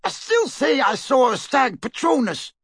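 Man voicing menacing dark-wizard guards. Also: high voice, big pitch swings, unhurried, gravelly, husky, no room sound, studio quality, pitched above the performer's own voice, full character voice. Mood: hostile. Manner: curt and threatening. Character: hostile male dark-wizard guards, suspicious. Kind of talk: audiobook character reading.

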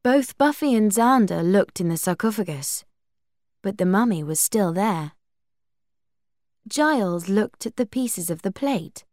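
Slow, lively woman reading a story. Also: no room sound, clean studio sound. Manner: slow, lively reading; higher pitch for quoted speech. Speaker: narrator. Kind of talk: storybook reading with character voices.

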